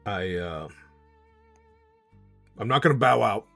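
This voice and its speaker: A man voicing a blunt, vain, pipe-smoking sellsword in a tabletop game, speaking in a gruff, dry way. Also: fairly low pitch, animated, slow pace, fairly bright tone, faint music behind, exaggerated voice.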